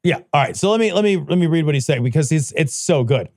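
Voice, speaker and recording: This is a man co-hosting a podcast, talking in a heated, profane way and laughing readily. His voice sits quite high for a man. The recording is dry and close to the mic. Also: lively intonation, quick pace, darkish tone, no echo. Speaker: podcast co-host. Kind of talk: casual political chat.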